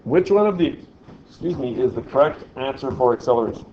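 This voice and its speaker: A man's voice: medium pitch, expressive, brisk, highs cut off, slight background noise. A man teaching a physics lesson in a classroom, quizzing the class as he goes. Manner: chatty, asks the class questions. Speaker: science teacher.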